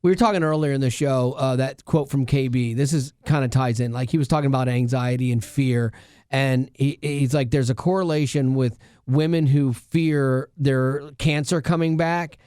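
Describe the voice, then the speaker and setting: A man's voice: medium pitch, fairly even intonation, moderate pace, a little mellow, clean tone, no room sound, clean studio sound. A man co-hosting a casual podcast, telling a personal story earnestly, with many restarts and asides. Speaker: radio show co-host.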